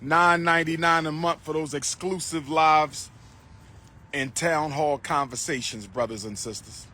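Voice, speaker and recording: A man livestreaming outdoors into a phone, loud and declaiming, repeating his phrases. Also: a little high, steady tone, unhurried. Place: outdoors on a street.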